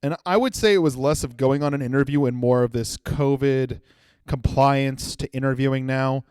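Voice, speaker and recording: A young man hosting a comedy podcast, telling a story in an animated way and acting out the people he quotes. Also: mid-range voice, normal speed, clear, resonant tone, no room sound, clean studio sound. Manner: animated storytelling with acted-out quotes and sudden shouts. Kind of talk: solo comedic monologue.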